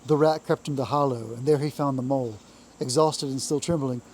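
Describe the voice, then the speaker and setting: A man reading a classic children's story aloud in a calm, measured storytelling voice. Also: medium pitch, a little hiss or hum, low-quality recording.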